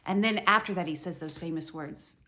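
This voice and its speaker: A middle-aged woman giving an earnest, animated devotional Bible teaching, with many "you know"s. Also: fairly low pitch, fairly quick.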